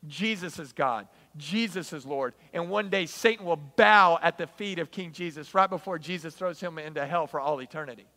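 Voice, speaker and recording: A man preaching a sermon in an animated, emphatic, storytelling way. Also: on the high side, moderate pace, few pauses. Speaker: pastor.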